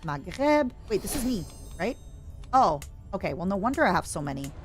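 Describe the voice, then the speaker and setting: A woman streamer giving chatty, self-mocking commentary while playing a strategy game, now and then bursting into excited shouts. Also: mid-range voice, moderate pace, soft background music. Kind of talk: casual gameplay commentary.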